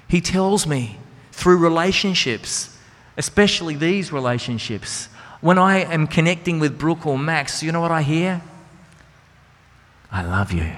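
A man preaching a sermon in an earnest, conversational way, with rhetorical questions to his listeners. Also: a little high. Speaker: Christian speaker and singer. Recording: reverberant hall with music behind.

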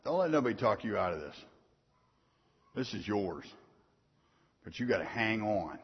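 A man's voice: lowish voice, very animated, moderate pace, breathy edge. Folksy preacher man in an echoing hall. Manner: folksy storytelling, swings between soft asides and loud punches. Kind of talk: sermon. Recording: dull sound in a long-reverb hall.

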